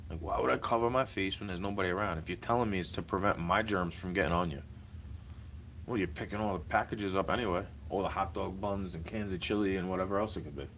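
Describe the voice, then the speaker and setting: A man's voice: deep voice, fast, a bit bright, slight background noise, low-quality recording. A young man ranting in a casual vlog, slangy and heated, repeating himself as he vents.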